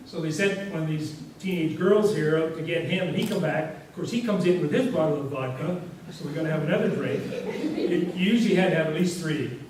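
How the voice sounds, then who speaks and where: A man with a fairly high, darkish voice speaks fairly quickly, with few pauses, as a guest speaker before a society. He rambles casually from anecdote to anecdote, often saying "you know," heard from a distance in an echoey hall carrying faint hiss.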